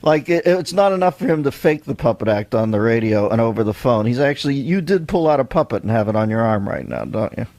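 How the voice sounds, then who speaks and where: A middle-aged man hosting a radio talk show, bantering quickly and playfully with a guest and laughing often. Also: mid-range voice, expressive, darkish tone, no room sound. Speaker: radio host.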